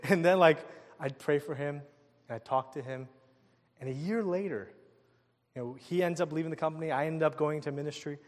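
A male pastor preaching a sermon, telling a personal story in an animated way and acting out the people in it. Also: a little high, normal speed, long reverb tail. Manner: animated storytelling with laughs and quoted voices.

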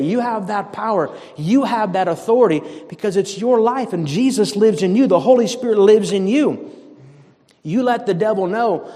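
Pastor from the area, male, high-pitched, fervent and chatty, heard with long reverb. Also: normal speed, a little mellow. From Boston area, USA. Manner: fervent, conversational preaching with repeated emphatic commands. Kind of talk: sermon.

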